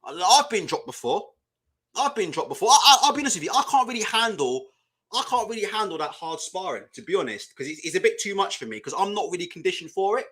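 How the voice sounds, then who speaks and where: A young man riffs on a live boxing chat, blunt and foul-mouthed, breaking into laughter. His voice sits high and bright, and his pitch swings widely as he talks. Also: sing-song, fast, breathy edge. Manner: blunt, swearing, laughs a lot while ranting. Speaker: boxing channel host. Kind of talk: casual live-stream chat.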